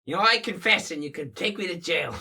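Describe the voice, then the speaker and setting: A performer voicing a sneering giant male rat monster in a comedy improv, gloating in a high, shouty voice. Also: animated, brisk, slightly rough, full character voice.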